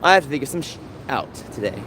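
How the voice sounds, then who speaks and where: A man's voice: mid-range voice, very animated, fast talker, fairly bright tone, low-quality recording. A man livestreaming outdoors, talking in a rambling, casual way to his chat. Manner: rambling, repetitive calling out to passersby. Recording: street noise and passing traffic.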